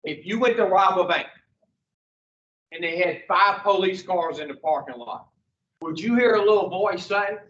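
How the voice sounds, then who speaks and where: A man's voice: sits high, moderate pace, long pauses, fairly bright tone. A man leading an addiction recovery class, blunt and profane, quizzing the group in front of him. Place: room with a group. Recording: roomy, distant, dull lo-fi.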